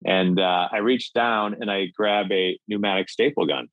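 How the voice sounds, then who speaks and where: Middle-aged guy from minnesota telling a wild story, lowish voice, dull dry call audio. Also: normal speed, no echo. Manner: acts out voices in his anecdotes, excitable. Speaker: guest, comedic actor and filmmaker. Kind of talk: animated storytelling. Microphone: video call.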